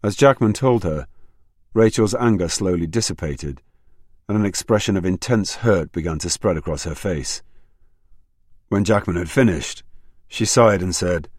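Man narrating a novel, very deep voice, dry close recording, steady measured delivery. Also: husky, no echo. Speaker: audiobook narrator. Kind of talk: scripted narration.

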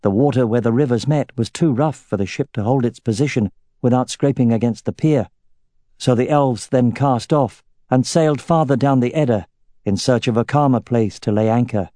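Mellow-voiced man narrating a fantasy audiobook. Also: mid-range voice, normal speed, dry recording, studio quality.

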